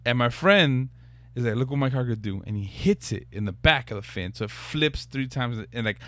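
A man chatting casually as a co-host, teasing and excitable, swearing freely. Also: medium pitch, moderate pace, dry recording. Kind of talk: casual chat.

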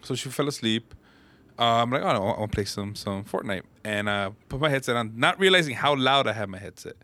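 A young man co-hosting a casual podcast, telling a story with animated bursts of acted-out yelling. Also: medium pitch, brisk. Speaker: podcast co-host. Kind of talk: casual chat.

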